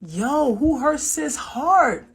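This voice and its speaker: Animated, high-ish New woman host, sassy roast commentary. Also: very slow. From New York, US. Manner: teasing, sassy, laughs between jabs. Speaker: reaction video host.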